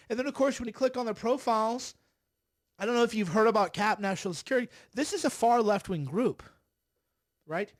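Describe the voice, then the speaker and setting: A middle-aged man hosting a political commentary livestream, sarcastic and exasperated, sighing often and mocking people. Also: high-pitched. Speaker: livestream host.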